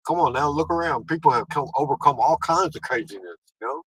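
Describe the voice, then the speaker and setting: A man's voice: on the high side, animated, quick pace, a bit bright, breathy edge, dry recording, poor audio. A man chatting casually on a livestream, laughing often and giving motivational talk.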